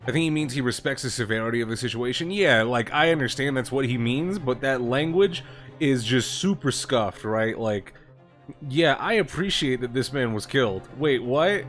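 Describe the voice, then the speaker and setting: A man's voice: mid-range voice, expressive, moderate pace, a bit bright, faint music behind. A man streaming a game, reading its lines aloud and commenting on the writing in a chatty, critical way.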